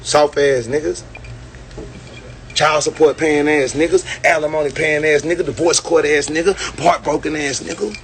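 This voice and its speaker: A brash man swaggers and preaches at his viewers through a phone mic, with his voice pitched a touch high. His profane boasting rolls on without a pause, and a faint hiss sits under the sound. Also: steady tone. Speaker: livestreamer. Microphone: phone on a livestream.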